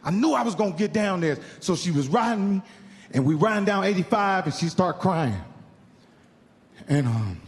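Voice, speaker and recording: Stand-up comic, middle-aged man, high voice, profane and animated, acts out his quotes; live club recording with a long tail of reverb. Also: normal speed, a little hiss or hum. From Indiana. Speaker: stand-up comedian. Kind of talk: stand-up storytelling. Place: comedy club stage.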